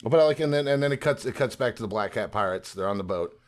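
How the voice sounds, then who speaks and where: A man chatting on a podcast, animatedly retelling scenes and slipping into quick character voices. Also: mid-range voice, animated. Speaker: podcast co-host. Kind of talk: casual podcast discussion.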